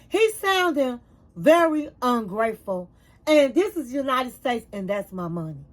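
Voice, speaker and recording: High-voiced chatty woman recapping a show. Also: sing-song, measured pace. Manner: chatty storytelling, acts out quotes, calls viewers honey; emphatic repetition when reacting. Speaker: reality TV recap vlogger. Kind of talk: casual episode recap.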